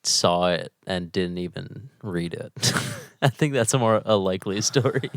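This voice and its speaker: A man's voice: deep voice, a little slow, no room sound, clean studio sound. A young man co-hosting a podcast, laid-back, answering with short agreeing replies and laughs. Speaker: podcast co-host. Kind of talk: casual chat.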